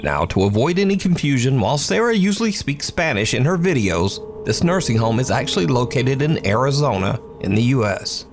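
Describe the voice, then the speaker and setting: A man's voice: mid-range voice, sing-song, a little fast, hardly any pauses, noisy background. A man giving scripted narration of scary video clips, with a dramatic storytelling delivery. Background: music.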